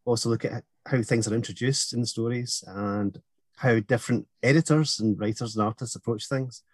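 An enthusiastic man chats as a podcast co-host and laughs easily. His voice sits in a middle pitch. The sound is dry and close. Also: steady tone, brisk, dry recording. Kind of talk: casual chat.

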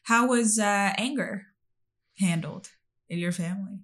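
A woman's voice: medium pitch, unhurried, fairly bright tone. Reflective woman in candid chat. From Canada. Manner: reflective, candid, asks probing questions. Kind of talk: casual conversation.

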